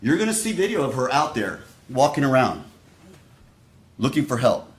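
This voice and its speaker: A man giving a prosecutor's opening statement to a jury, speaking deliberately and straight to the jurors. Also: mid-range voice, sing-song. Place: courtroom. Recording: echoey courtroom audio.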